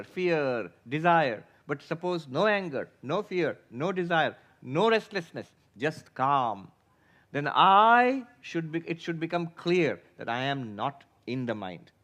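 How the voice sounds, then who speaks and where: A man with a rather high voice leads a philosophy class as a spiritual teacher. He explains patiently, often asking his listeners questions. He slips into quick impressions of everyday thoughts to make his points. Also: fairly bright tone. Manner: acts out everyday inner voices for illustration.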